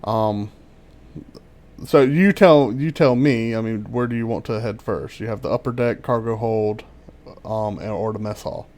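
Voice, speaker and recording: A man narrating as game master over an online voice call, talking in halting bursts full of ums and restarts. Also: on the low side, darkish tone.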